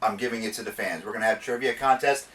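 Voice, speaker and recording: Over crowd noise, a fairly low-voiced man talks quickly, recorded far from the mic. He's hosting a laid-back geek talk show, a rambling storyteller full of restarts and self-corrections.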